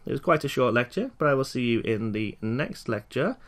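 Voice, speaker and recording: A man giving a recorded lecture for learners, slowly and clearly repeating each phrase for them to follow. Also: mid-range voice, expressive, a bit bright. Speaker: language teacher.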